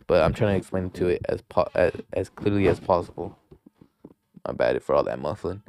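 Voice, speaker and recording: Young man, podcast host, low voice, rambling, profane, lots of filler, dry close sound. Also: darkish tone, clean tone, no room sound. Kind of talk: casual chat. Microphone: handheld microphone.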